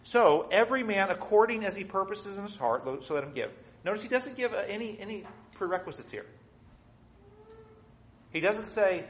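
A man preaching an expository sermon, swinging between soft and loud and acting out quotes. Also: sits high, animated, moderate pace, roomy sound, rough recording.

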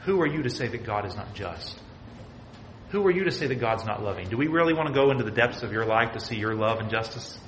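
Male preacher, mid pitch, emphatic sermon delivery with loud-to-hushed swings, faint noise floor. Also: lively intonation, quick pace.

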